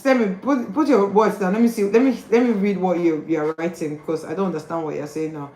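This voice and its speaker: A woman teaching an online group class, correcting and prompting students in a direct, brisk way over a video call. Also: fairly low pitch, fairly even intonation, dark tone. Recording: echoey room, faint background noise.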